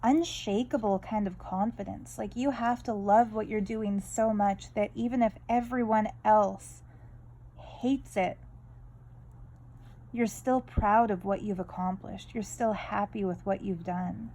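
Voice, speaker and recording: Chatty woman, mellow voice. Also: mid-range voice, fairly even intonation, measured pace, poor audio. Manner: rambling, chatty, candid, full of tangents. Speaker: art vlogger. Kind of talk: casual draw-along chat.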